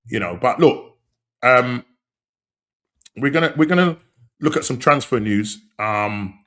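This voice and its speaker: A man hosting a casual football podcast, talking in excited, slangy bursts and repeating phrases. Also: medium pitch, unhurried. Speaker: podcast host.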